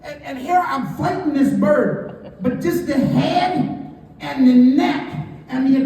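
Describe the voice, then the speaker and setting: A man performing a stand-up comedy set, telling stories in an animated way and acting out the people in them. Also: very high voice, unhurried, some chatter behind, a little hiss or hum. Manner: animated storytelling, screams and acts out characters. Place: outdoor stadium comedy night. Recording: echoey stadium from a far mic.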